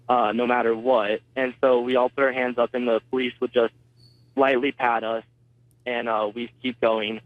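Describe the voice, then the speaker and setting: A man's voice: mid-range voice, steady tone, a little slow, dry recording. A teenage boy, a student, telling his story in a phone interview, hesitant and full of fillers. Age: teens. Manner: hesitant, retelling events with many fillers. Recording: tinny phone line, dry.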